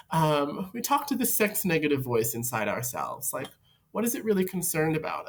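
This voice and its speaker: A woman hosting an advice video, talking reflectively and playfully to camera and laughing often. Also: on the low side. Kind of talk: casual advice talk to camera.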